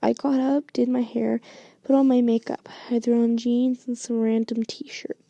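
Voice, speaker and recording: A young woman narrating a first-person fanfic story in a hushed, halting way, as a whispered story reading with some restarts. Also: on the high side, little pitch movement, vocal fry, no echo, highs cut off. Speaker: story reader.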